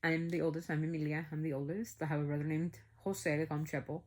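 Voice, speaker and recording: A woman vlogger casually telling a personal story to her viewers, animated and full of "like" fillers. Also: low voice, quick pace, slight background noise. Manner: animated, acts out quoted dialogue, many "like" fillers.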